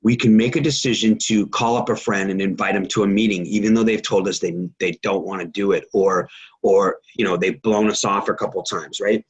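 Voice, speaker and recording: A man's voice: fairly low pitch, steady tone, fairly quick, breathy edge, poor audio. A middle-aged man giving a motivational team call talk, rambling, with many fillers and repeated words. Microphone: phone or conference line.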